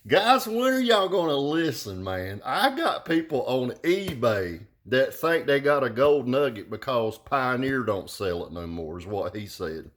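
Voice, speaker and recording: A man's voice: medium pitch, sing-song, unhurried. A man hosting his vlog, ranting bluntly with lots of profanity and mockery. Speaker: vlog host. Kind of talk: casual rant.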